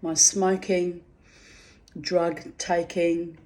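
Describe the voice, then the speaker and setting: A woman's voice: lowish voice, flat delivery, extremely slow, dark tone, slight background noise. A woman in a casual, rambling monologue, chatty and quirky, swearing freely and calling her listeners babies and darlings. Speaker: vlogger.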